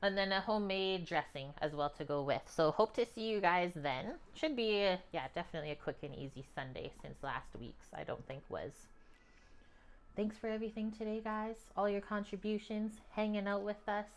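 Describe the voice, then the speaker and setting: A Canadian woman hosts a cooking livestream from her home kitchen, chatting loosely with lots of filler words. Her voice is mid-range and she speaks at a normal speed.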